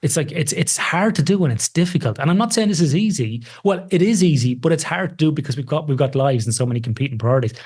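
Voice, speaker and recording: A man speaking as a guest researcher in a casual podcast conversation, animated and emphatic, with a self-deprecating streak. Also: fairly high pitch, quick pace, hardly any pauses, husky.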